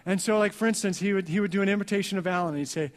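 Higher-voiced male pastor in a ringing hall. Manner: earnest, dropping soft and slow on key lines. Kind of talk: sermon. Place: church sanctuary. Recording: long reverb of a church hall.

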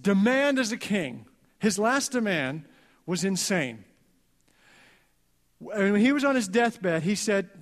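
A male pastor preaching a sermon earnestly, going soft and slow on key lines. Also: high voice, expressive. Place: church sanctuary. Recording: long reverb of a church hall.

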